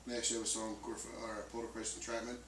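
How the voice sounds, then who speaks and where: A man's voice: on the low side, completely flat delivery, rapid-fire, a bit bright, reverberant. Give me a rambling band member man, recorded from a distance with faint background noise. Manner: loose, rambling with many fillers. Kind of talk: casual interview chat.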